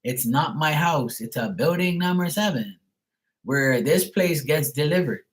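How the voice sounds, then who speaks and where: A man's voice: on the high side, expressive, measured pace, rough recording. A man from Bermuda ranting on a live stream, swearing often, exasperated and restarting his sentences. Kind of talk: casual live-stream rant.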